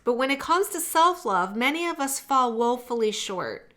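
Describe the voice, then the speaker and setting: A middle-aged woman talks through an oracle card reading in a relaxed, chatty way. She reads passages aloud from a guidebook and breaks off into heartfelt personal asides. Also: on the high side, normal speed. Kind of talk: casual tarot-style reading to camera.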